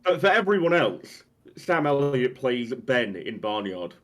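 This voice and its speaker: A man's voice: medium pitch, very animated, unhurried, fairly bright tone. A young man co-hosting a casual live stream with dry, teasing remarks. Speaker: co-host.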